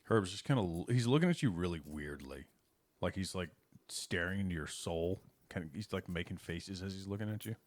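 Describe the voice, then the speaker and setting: Man, game master, casual narration, low lively voice, dry sound. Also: fairly quick, no echo. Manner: casual, loose, filler-heavy narration.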